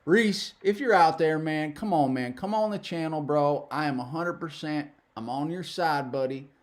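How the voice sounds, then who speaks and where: Reaction host, male, putting on a fake Southern drawl as a smooth old boy. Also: on the high side, lightly acted. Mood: bantering. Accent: put-on Southern US. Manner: slow, drawling, bantering.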